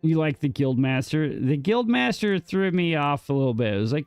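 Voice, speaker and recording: A man's voice: on the high side, sing-song, normal speed, few pauses, clear, resonant tone, dry recording, faint music behind. A man streaming a game, casually bantering with his chat and teasing them in a mock-defensive way, with some casual swearing. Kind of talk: casual live gameplay chat.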